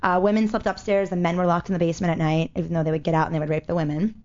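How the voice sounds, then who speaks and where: A woman telling a story in casual chat, animated, with loose swearing and many fillers. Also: lowish voice, racing. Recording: dull lo-fi audio.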